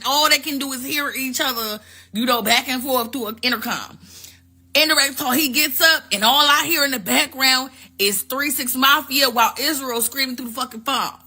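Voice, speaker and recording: A woman hosting a talk show, giving sassy, profane, animated commentary on world news in a casual street style. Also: high-pitched. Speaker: host.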